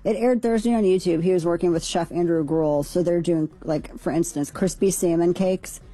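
A woman co-host from Missouri reads through quick news items in a casual, chatty way, adding wry opinions as she goes. Her voice is low, mellow and a little husky. Faint music plays behind her. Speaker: radio show co-host.

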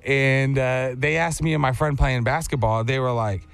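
A man's voice: mid-range voice, moderate pace, hardly any pauses, smooth, soft background music. A man hosting a show in casual chat, telling stories and acting out the voices in them. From Texas. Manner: animated storyteller, acts out quotes. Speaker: radio show host.

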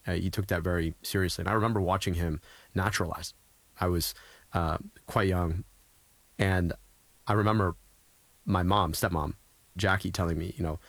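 A man's voice: deep voice, fairly quick, long pauses, fairly bright tone, no echo. A man in his thirties, a guest telling earnest, reflective stories in conversation, often restarting his sentences. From United States. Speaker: guest, former political candidate.

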